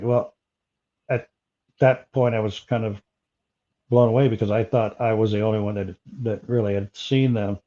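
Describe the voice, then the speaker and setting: A man telling an interviewer about a personal encounter, pausing often with fillers and restarts. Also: medium pitch, fairly even intonation, mellow, muffled recording. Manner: halting, many fillers and restarts. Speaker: interview guest.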